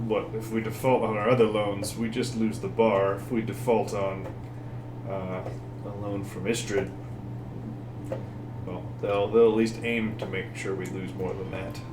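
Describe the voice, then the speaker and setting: A man playing in a tabletop game, talking in a deliberate, plotting way. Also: on the low side, little pitch movement, echoey room, background noise. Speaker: player. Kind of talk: casual tabletop game play.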